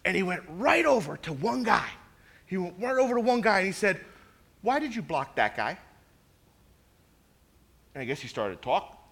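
Lively, bright-voiced preaching man. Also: high voice. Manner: animated storytelling, repeats words, acts out quoted voices. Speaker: pastor. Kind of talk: sermon.

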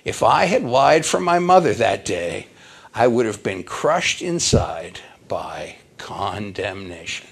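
Older male preacher, raspy and dramatic. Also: on the low side, big pitch swings, slow pace, fairly bright tone. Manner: dramatic, emotive storyteller. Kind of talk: sermon storytelling.

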